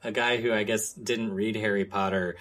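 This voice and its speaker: A podcast co-host chats casually, rambling with fillers and restarts. His voice is fairly low and fairly bright, spoken at a normal speed with fairly even intonation.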